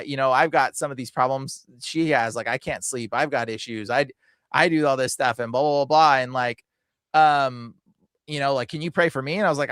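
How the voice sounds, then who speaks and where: A man's voice: medium pitch, fairly bright tone, clean tone, no echo, clean studio sound. A man telling a story in a loose, rambling way, laughing often and using many fillers. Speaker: deliverance minister. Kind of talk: casual conversation.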